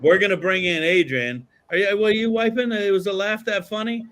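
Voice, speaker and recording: A podcast host with a high, fairly bright voice talks a little fast, with slight background noise behind him. His casual chat rambles, with free swearing, many fillers, and restarts.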